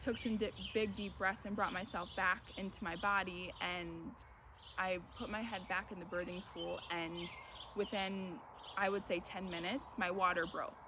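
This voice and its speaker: A young woman, a mother, earnestly talking through her own birth story in a casual, reflective way, often pausing on "you know.". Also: medium pitch. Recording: steady background noise.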